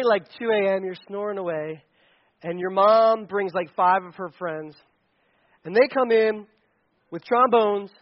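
A man preaching a sermon, telling a story in a lively, animated way and acting out the quotes. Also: sits high, lo-fi sound. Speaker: pastor.

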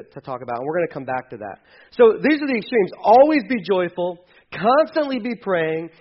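A man preaching a sermon as pastor, animated, acting out quoted voices and swinging between loud and hushed. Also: on the high side, highs cut off.

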